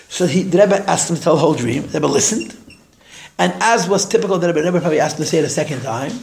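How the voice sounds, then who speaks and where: Animated man telling a story in class. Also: high voice, a little fast, gravelly. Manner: animated, raises his voice when quoting people; repeats words as he thinks. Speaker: teacher giving a class. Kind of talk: storytelling lecture.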